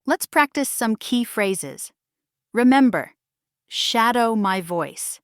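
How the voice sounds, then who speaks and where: A woman teaching a scripted English speaking lesson, saying each phrase slowly and then saying it again for the listener to shadow. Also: on the high side, expressive, no room sound, clean studio sound.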